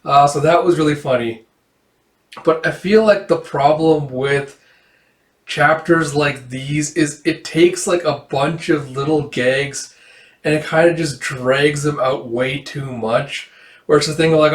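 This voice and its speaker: A man casually reviewing a manga chapter, rambling with lots of fillers and quick laughs. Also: on the high side, roomy sound. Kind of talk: casual commentary.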